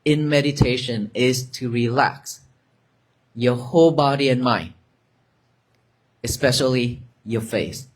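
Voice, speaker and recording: Slow gentle-voiced meditation teacher, man. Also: mid-range voice. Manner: slow, gentle, repetitive instructions. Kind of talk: guided meditation talk.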